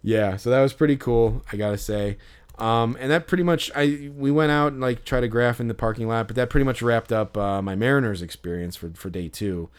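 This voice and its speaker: Speaking briskly and smoothly at medium pitch, a podcast host meanders through a story, often restarting and filling gaps with filler words in a casual chat.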